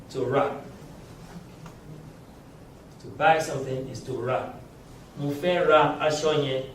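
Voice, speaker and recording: A man teaching a language class, giving slow, patient explanations and chuckling often. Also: fairly high pitch, slight background noise. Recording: very echoey room, mic far off.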